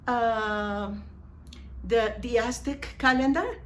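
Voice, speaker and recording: A woman whose first language is Spanish, teaching an English grammar lesson and slowly repeating each example sentence, with asides in Spanish. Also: a little high, animated.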